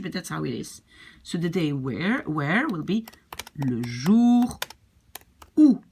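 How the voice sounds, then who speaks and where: A woman with a Dutch accent teaching a language lesson, patiently repeating phrases slowly. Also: lowish voice, a little mellow, breathy edge.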